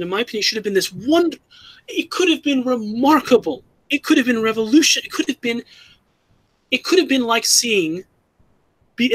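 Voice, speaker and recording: Fan commentator, husky tone, earnest, critical, frequent self-corrections, dry recording. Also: medium pitch, fairly bright tone, no echo, low-quality recording.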